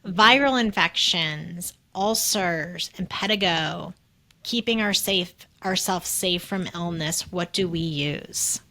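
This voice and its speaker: A woman's voice: on the low side, slow, sharp tone. A woman co-hosting a casual health podcast, enthusiastic as she asks questions and reacts. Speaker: podcast co-host.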